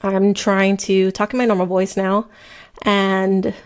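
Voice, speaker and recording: A woman, hosting a true crime podcast in casual, rambling chat while she crochets, talking fast and swearing freely. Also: mid-range voice, flat delivery. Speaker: podcast host. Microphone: headset mic, then removed.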